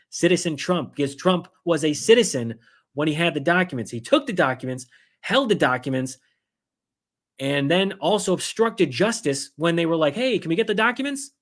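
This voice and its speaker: A man hosting a livestream of political commentary, talking fast, heated and sarcastic, acting out others in mocking voices. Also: fairly high pitch, fairly bright tone.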